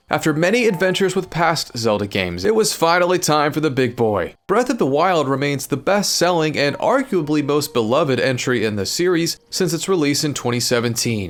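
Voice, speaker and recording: Lively male gameplay narrator. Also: medium pitch. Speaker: gaming video host and narrator.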